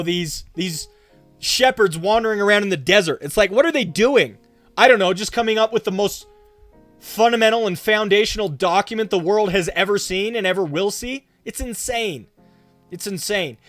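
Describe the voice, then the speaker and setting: Emphatic high-voiced male pastor. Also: normal speed, a bit bright, dry recording, soft background music. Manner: emphatic, repeats phrases for effect. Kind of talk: answering a viewer's question on a stream.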